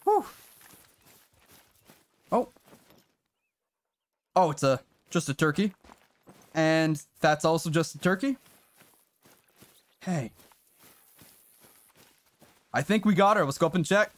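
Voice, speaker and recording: A man streaming a hunting game, chatting casually and excitably with viewers and swearing now and then. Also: a little high, slow, long pauses, no echo. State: briefly out of breath. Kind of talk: casual live-stream commentary.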